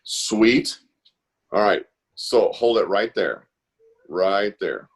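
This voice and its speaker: Low-voiced man leading a live art session over video call, upbeat and encouraging. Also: very slow, slightly rough. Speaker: host of an online art class. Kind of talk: casual live-stream instruction.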